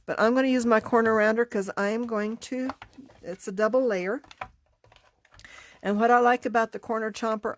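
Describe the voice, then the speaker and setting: A middle-aged woman with a stuffy, congested voice, chatting casually as she demonstrates card making. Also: medium pitch. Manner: chatty, unhurried, talks while working. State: congested, sniffling. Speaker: card-making class teacher. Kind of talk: casual craft tutorial.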